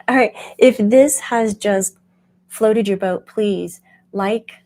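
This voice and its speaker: A woman who hosts a spiritual channel as a medium, teaching casually in an animated way and laughing often. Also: medium pitch, very slow. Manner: animated, laughs often, acts out quoted voices.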